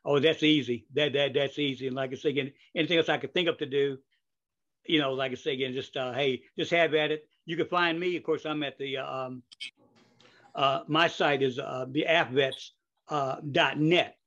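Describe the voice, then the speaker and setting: A man's voice: mid-range voice, fairly even intonation, moderate pace, a bit bright. An older man hosting a podcast interview in casual chat, rambling with many fillers, restarts and asides. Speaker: podcast host. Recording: dull lo-fi audio.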